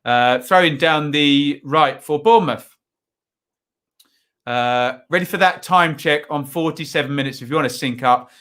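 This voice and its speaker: A man with a bright, forceful, slightly high voice hosts a live football watchalong. He talks through the match in a chatty, rambling way, tossing in asides and tag questions as the play unfolds. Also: unhurried. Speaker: watchalong host.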